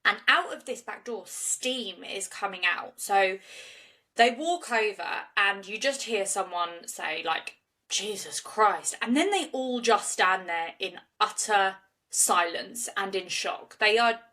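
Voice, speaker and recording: A woman's voice: mid-range voice, animated, unhurried, sharp tone. A woman, co-hosting a podcast and recounting a case in a chatty, loose style full of restarts. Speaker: podcast co-host. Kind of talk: casual true-crime storytelling.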